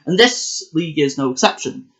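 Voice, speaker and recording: Chatty man with a slightly high voice. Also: expressive, moderate pace, fairly bright tone. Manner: chatty and self-correcting, with many fillers. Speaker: competitive video game player and channel host. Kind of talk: casual video commentary. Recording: dull lo-fi recording.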